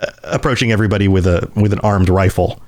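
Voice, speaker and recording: A man co-hosting a casual podcast chat, animated and quick to laugh, breaking into silly voices to act out characters. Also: low-pitched. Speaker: podcast co-host.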